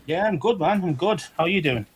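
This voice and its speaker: Male co-host with a Liverpool accent, high voice, fast and blunt, jokey banter. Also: animated. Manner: blunt, joking banter with swearing. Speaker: podcast co-host. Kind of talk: casual sports podcast chat.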